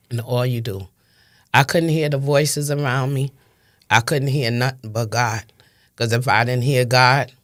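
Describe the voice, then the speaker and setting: A woman in her fifties from Brooklyn with a New York accent, speaking with impassioned, emphatic testimony in an interview and repeating phrases for stress. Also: very deep voice. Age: 50s. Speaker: interview guest.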